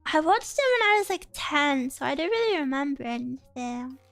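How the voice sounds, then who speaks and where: A woman's voice: high-pitched, sing-song, normal speed, fairly bright tone, no room sound, faint music behind. A woman chatting casually on a livestream, answering viewer comments in a playful, giggly way with cutesy exclamations. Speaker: streamer.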